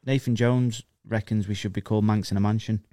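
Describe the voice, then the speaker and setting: A man's voice: fairly low pitch, fairly even intonation, brisk, mellow, no room sound, studio quality. A man co-hosting a podcast, reading out listener comments in a joking, casual way. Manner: joking, laughs often, swears casually. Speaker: podcast co-host.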